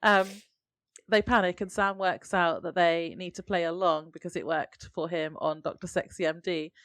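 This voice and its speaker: A woman co-hosting a podcast, narrating the plot of a TV episode in a steady, chatty way. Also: lowish voice, moderate pace, dry recording. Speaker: podcast co-host. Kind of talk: casual chat recapping a TV episode.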